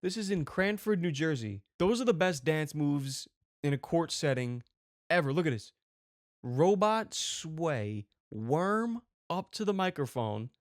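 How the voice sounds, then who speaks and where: Excitable man riffing on a clip. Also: fairly high pitch, a little slow, no room sound, studio quality. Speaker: comedy commentary host. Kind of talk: comic video reaction commentary.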